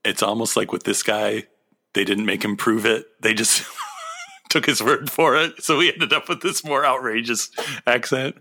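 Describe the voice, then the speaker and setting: A man's voice: mid-range voice, moderate pace, sharp tone. A man co-hosting a podcast in casual, enthusiastic chat, laughing often and saying "like" a lot. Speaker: podcast co-host.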